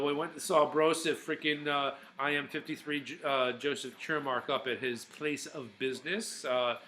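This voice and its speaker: A man's voice: mid-range voice, pushed and bright, a little hiss or hum, rough recording. A man talking casually in a rambling vlog, with lots of fillers and restarts. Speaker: vlogger.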